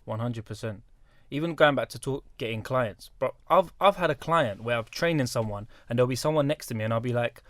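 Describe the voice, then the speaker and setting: A man, a guest on a casual podcast, telling animated stories with slang. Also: mid-range voice, dry recording. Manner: quick, animated storytelling with slang. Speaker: podcast guest, personal trainer. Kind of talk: casual chat.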